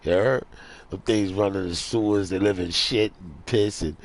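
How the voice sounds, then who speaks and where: A man's voice: sits low, moderate pace. A man hosting his own online radio show, talking in a rambling, slangy monologue and laughing at his own jokes. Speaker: internet radio show host. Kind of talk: casual monologue.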